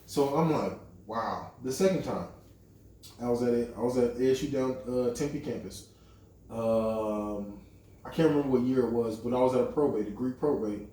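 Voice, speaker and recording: A man's voice: medium pitch, normal speed. Man telling a story in an echoey room. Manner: animated, profane storytelling with lots of quoted dialogue. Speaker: podcast co-host. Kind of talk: casual storytelling among friends. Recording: echoey room, mic at a distance.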